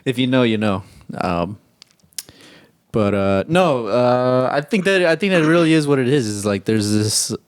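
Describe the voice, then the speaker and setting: A man's voice: medium pitch, animated, normal speed, smooth, no room sound, clean studio sound. A young man co-hosting a podcast, rambling and joking about a film with lots of fillers. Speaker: podcast co-host. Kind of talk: casual film review chat.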